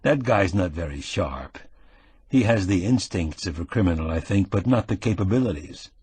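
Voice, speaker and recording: A man voicing a calm, shrewd older gent. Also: deep voice, normal speed, breathy edge, no room sound, heavily acted. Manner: steady, avuncular, probing. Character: calm, shrewd middle-aged man, avuncular.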